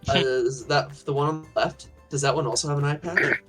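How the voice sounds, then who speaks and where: A man's voice: on the high side, fairly even intonation, a little fast, a bit bright, faint music behind. A man playing a tabletop game, chatting casually and making wry jokes. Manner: joking, wry. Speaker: player.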